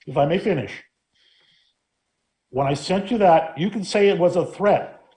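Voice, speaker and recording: A man's voice: high voice, unhurried, mellow. A man serving as law director, speaking firmly and defensively in a council meeting debate. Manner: firm, defensive, lawyerly.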